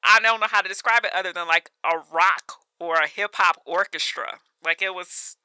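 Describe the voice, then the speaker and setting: A woman's voice: fairly low pitch, normal speed, sharp tone, no echo. A woman in her thirties co-hosting a podcast, chatting casually and animatedly, laughing often and filling her talk with "like" and "you know.". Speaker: podcast co-host. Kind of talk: casual chat.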